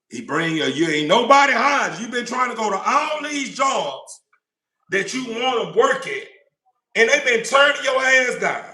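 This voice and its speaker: An informal preacher with a high, pushed, bright voice gives a blunt, profane, impassioned monologue about God, taking turns acting out God and the doubters. The recording has a roomy echo.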